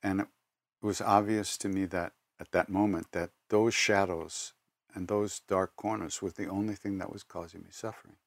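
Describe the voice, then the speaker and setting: An older man speaks as a spiritual teacher, his low voice carrying a gravelly edge. He tells personal stories and answers questions at an unhurried, reflective pace, pausing and correcting himself as he goes. The sound is close and dry. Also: fairly even intonation, no room sound.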